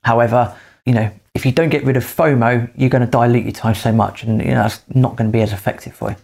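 A man co-hosting a podcast, giving emphatic advice in casual chat with quick bursts of speech. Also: mid-range voice, steady tone, gravelly, a little mellow. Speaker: podcast co-host.

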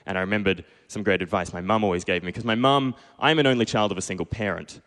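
A man's voice: fairly low pitch, fast, a bit bright, long reverb tail. A young man in his twenties from Perth with an Australian accent, telling a self-deprecating true story live on stage and acting out his own past lines. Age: 20s. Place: small pub stage.

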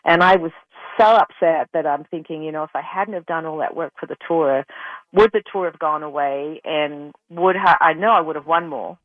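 A woman's voice: low-pitched, moderate pace, no echo. Woman guest, middle-aged, rambling and emotional; dry, tinny phone sound. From Australia. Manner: rambling with many restarts, emotional. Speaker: guest, retired pro golfer. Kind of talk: casual storytelling in an interview.

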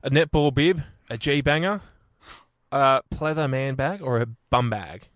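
A man's voice: medium pitch, measured pace, dry recording, studio quality. A man with an Australian accent hosting a radio show, bantering playfully and reading out quiz questions. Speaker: radio host.

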